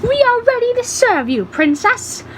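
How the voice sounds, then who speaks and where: A woman putting on an anxious young skeleton man, his voice high and lifted as he stutters over his words. He is eager to serve and always a little afraid, with a faint hum in the background. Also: animated, unhurried, low-quality recording. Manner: stammering, nervous.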